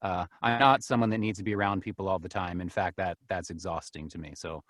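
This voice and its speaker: A man's voice: low-pitched, fairly even intonation, fast, a bit bright, no room sound, clean studio sound. A man chatting casually as an interview guest, easygoing and laughing often, with lots of "you know", over a video call. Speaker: guest, narrator and group admin.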